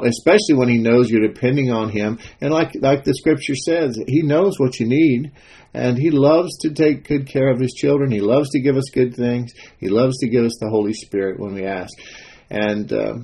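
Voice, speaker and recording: A man gives a loose, conversational devotional talk. His voice is husky and slightly breathy. He wanders through his story with frequent fillers and restarts before settling into scripture. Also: mid-range voice, a little mellow. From Texas.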